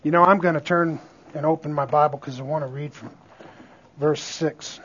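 A man's voice: on the high side, steady tone, moderate pace, fairly bright tone, slight background noise. A man preaching a sermon as pastor, in a conversational way with frequent call-outs to the congregation. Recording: dull lo-fi recording.

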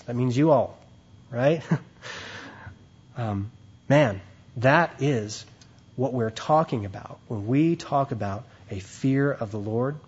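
Husky man preaching a conversational sermon. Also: mid-range voice, slow, pauses often, a little mellow, muffled recording. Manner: conversational teaching with frequent "right?" and "okay?" asides; reads scripture aloud, then explains it.

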